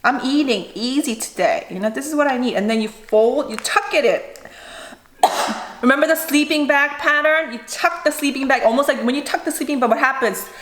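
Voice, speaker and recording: A woman's voice: high-pitched, fairly quick, a bit bright. Chatty woman in an echoey kitchen. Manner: chatty, rambling, jokes to herself. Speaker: food vlogger. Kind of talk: casual mukbang cooking chat. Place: home kitchen.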